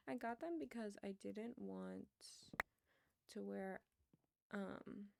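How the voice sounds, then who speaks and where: A woman's voice: mid-range voice, slow pace, vocal fry, noisy background. A woman streamer chatting casually while she plays, rambling and laughing often. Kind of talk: casual chat while gaming. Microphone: wired earbuds with a headset mic.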